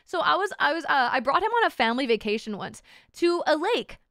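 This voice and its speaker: A young woman with a high, bright voice, chatting casually to her stream. She rambles, swears freely and gets loud and giddy. Her voice sounds close and dry, with little room around it. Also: sing-song, brisk, no echo. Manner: loud, rambling, swears a lot, laughs and shouts. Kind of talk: casual chat.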